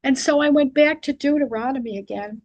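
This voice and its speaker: A woman's voice: high-pitched, brisk, darkish tone, no room sound, low-quality recording. A middle-aged woman sharing a personal devotional reflection, speaking earnestly and confessionally, sometimes poking fun at herself. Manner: earnest and confessional, often self-deprecating.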